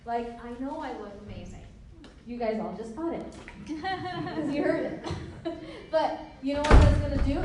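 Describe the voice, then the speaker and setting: A woman's voice: sits high, warm tone. A young woman giving a playful motivational business training to a live audience, laughing often and acting out conversations. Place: meeting room with an audience. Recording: very echoey room, mic far off, faint hiss.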